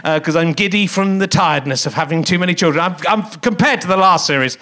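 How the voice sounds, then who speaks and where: A man's voice: sits high, quick pace, sharp tone. A man in his fifties hosting a live comedy podcast on a theatre stage, rambling and jokey as he teases the audience. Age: 50s.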